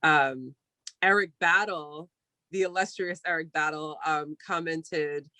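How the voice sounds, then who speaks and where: A woman interviewer with a bright, forceful tone and a dry, close sound. She talks loosely, with frequent ums as she reads out questions. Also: deep voice, slow pace, no room sound. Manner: relaxed, hesitant, lots of ums. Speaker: interviewer host. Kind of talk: video call interview.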